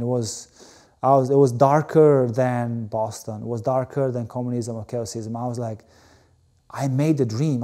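Mellow-voiced man telling his story. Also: medium pitch. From Albania. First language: Albanian. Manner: animated, many fillers like "you know". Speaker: guest, former Olympic volleyball player. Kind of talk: candid interview storytelling.

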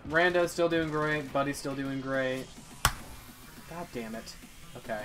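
A young man giving casual, excitable commentary over his gameplay. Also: mid-range voice, unhurried, noisy background. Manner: excitable, swears and yelps at the game. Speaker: let's play gamer.

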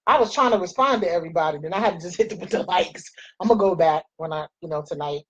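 A woman's voice: fairly low pitch, quick pace, husky, lo-fi sound. A woman in her forties chatting playfully with viewers while she does her makeup. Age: 40s. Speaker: makeup vlogger. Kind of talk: casual chat while doing makeup.

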